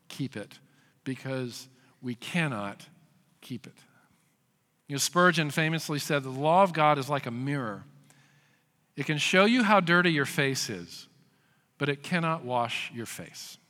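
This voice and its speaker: A male pastor preaching a sermon, telling stories with loud acted quotes and dropping to hushed emphasis. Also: a little high. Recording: long hall reverb.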